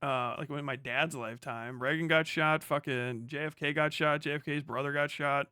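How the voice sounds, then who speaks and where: A man's voice: on the high side, steady tone, moderate pace, sharp tone, clean tone, no room sound, clean studio sound. A young American man hosting a livestream, ranting in casual, profane, sarcastic commentary with frequent laughter. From United States. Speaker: livestream host.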